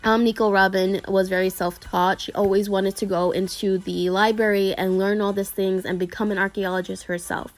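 A woman's voice: mid-range voice, flat delivery, normal speed, few pauses, soft background music. A woman retelling a story to her viewers in a casual, rambling way, full of fillers and restarts. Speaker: anime video creator talking to viewers.

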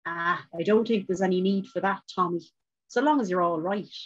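Brief: woman reading a tired guard, placating, low husky tone. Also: normal speed, muffled recording, natural voice. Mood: weary. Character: weary, placating male police officer.

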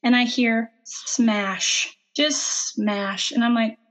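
A woman in her thirties, a podcast co-host, telling a hectic family story in casual chat with lively acted-out quotes. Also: on the high side, drawn-out words. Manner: animated, breathless retelling with acted-out quotes.

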